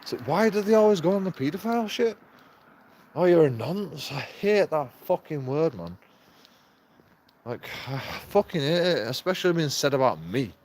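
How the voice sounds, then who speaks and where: A man's voice: fairly high pitch, big pitch swings, moderate pace, a little mellow, a little hiss or hum. A man, rambling and swearing in a casual vlog monologue with frequent chuckles. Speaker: vlogger.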